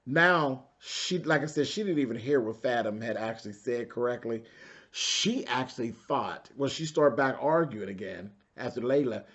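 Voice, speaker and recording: A sassy man, recapping reality TV and talking straight to his viewers. His voice sits at a middle pitch, and the recording sounds slightly dull and lo-fi. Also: moderate pace, fairly bright tone. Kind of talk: casual TV recap commentary.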